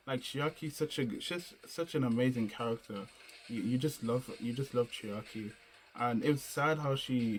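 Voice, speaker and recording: A young adult man giving a casual, unscripted game review, rambling and slangy, often restarting sentences and searching for words. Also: medium pitch.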